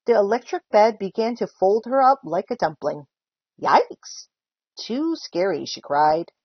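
A woman volunteer reading a children's book aloud with expressive storytelling. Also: mid-range voice, normal speed, no room sound, dull audio. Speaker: volunteer reader.

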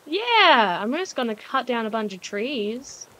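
A woman with a high voice chats through a co-op game in an unhurried way. She is playful and giggles often between quips. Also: big pitch swings, a bit bright. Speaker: co-op gaming guest. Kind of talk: casual multiplayer gameplay commentary.

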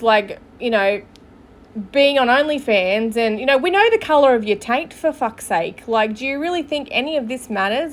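A woman's voice: fairly high pitch, slight background noise. Blunt, sarcastic woman podcast host. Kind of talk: commentary reacting to clips.

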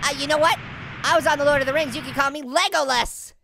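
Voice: fast, vocal fry, noisy background. A performer voicing a hyperactive, wisecracking cartoon orange, joking and punning through game commentary. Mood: silly. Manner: goofy, punning, giggly, high-energy. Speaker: gaming let's-play host. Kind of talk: let's play game commentary.

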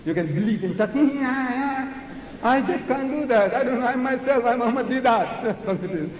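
A man in his seventies giving a public religious lecture, speaking forcefully and theatrically, sometimes mocking other voices. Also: very high voice, animated, a little fast. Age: 70s. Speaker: Islamic lecturer. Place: large lecture hall. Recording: echoey hall with faint noise.

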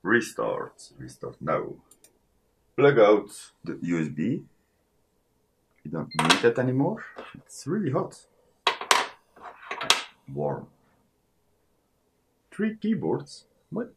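A low-voiced man talks himself through a computer setup at a slow, unhurried pace. His pitch swings widely as he reads menu options aloud and answers them. It is casual, off-the-cuff screen-recording commentary from a home desk. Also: wildly swooping pitch, gravelly, a little hiss or hum. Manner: thinking aloud while clicking through setup menus. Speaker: tech channel host.

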